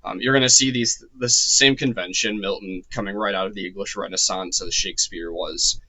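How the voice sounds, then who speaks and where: A man gives an unscripted literature lecture in a lowish, bright, forward voice. He wanders off on side points and fills gaps with ums and restarts. His voice sounds a little strained. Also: steady tone, fairly quick, low-quality recording. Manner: loose and digressive, many ums and restarts. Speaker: literature course teacher.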